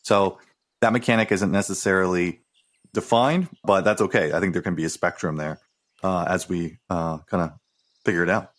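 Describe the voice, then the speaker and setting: Guy on a movie podcast, deep voice, slow and thinking out loud. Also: steady tone. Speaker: podcast co-host. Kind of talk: casual movie discussion.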